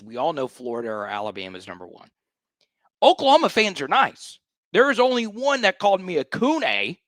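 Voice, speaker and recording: A man's voice: medium pitch, fairly bright tone, dry recording. A man hosting a sports fan livestream, ranting in a fired-up, hyped way and repeating lines for emphasis. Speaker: sports show host.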